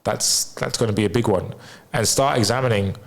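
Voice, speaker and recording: A man's voice: lowish voice, fairly quick, vocal fry. A man who coaches health, telling a personal story in a candid, rambling way, with frequent swearing and fillers. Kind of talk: casual personal storytelling to camera.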